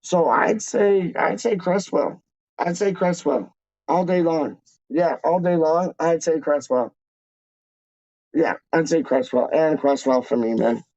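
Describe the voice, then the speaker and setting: A man's voice: fairly high pitch, unhurried, darkish tone, no echo. A man hosting a casual livestream, reading chat comments with slangy, laid-back banter and repeated phrases. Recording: dry, dull lo-fi mic.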